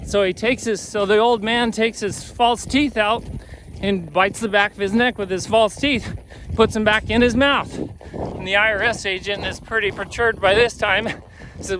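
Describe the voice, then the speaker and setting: A horse trainer telling a folksy joke while riding a horse outdoors. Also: male voice, sits high, fairly even intonation, moderate pace, pushed and bright, a little hiss or hum, poor audio. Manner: folksy, easygoing.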